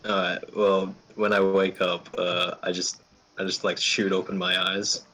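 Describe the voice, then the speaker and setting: A man playing a tabletop role-playing game, describing his character's actions in a gruff, swearing manner. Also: deep voice, flat delivery, a little slow, pushed and bright. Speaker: player. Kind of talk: casual tabletop role-play.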